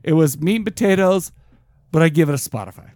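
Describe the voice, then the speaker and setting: A teasing man co-hosting a casual podcast. He speaks with a fairly high, animated voice, recorded dry and close to the mic. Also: dry recording. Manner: teasing, quick to correct others. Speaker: podcast co-host.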